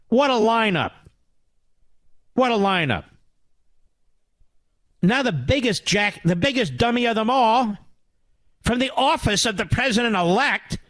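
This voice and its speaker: A middle-aged man hosting a talk radio show, ranting with sarcasm and swinging between loud outbursts and low mutters. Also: dry recording. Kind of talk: angry talk radio monologue.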